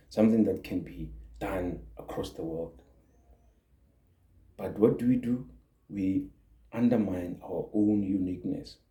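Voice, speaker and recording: A man's voice: deep voice, mellow. A man, a YouTube creator, giving an earnest motivational talk and repeating words for emphasis. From South Africa. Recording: echoey room.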